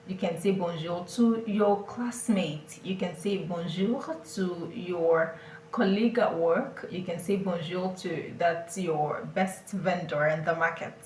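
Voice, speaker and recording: A woman teaching a beginner French lesson, explaining slowly and deliberately and often checking that listeners follow. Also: fairly low pitch, darkish tone, reverberant, distant mic, slight background noise, low-quality recording. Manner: slow, deliberate explaining with repeated check-ins.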